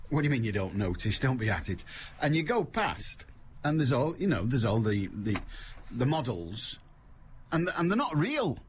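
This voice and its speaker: Wry older Mancunian radio host. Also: male voice, medium pitch, big pitch swings, normal speed, slight background noise. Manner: wry, teasing, laughs at his own jokes. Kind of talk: comic radio monologue. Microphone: studio microphone.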